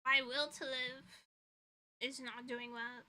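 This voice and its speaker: A woman's voice: high voice, level tone, takes it slowly, pushed and bright, low-quality recording. A woman streaming from her room, chatting casually, rambling with giggles and swearing, tired and with a stuffy nose. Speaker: vtuber streamer and illustrator. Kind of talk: casual chat. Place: her own room at home.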